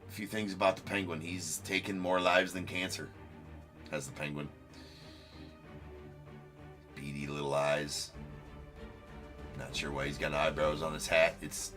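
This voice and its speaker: A man with a very deep, bright and forceful voice hosts a live card-breaking stream. He jokes and teases a viewer through loose, chatty commentary, with faint music in the background. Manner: joking, teasing banter aimed at a viewer.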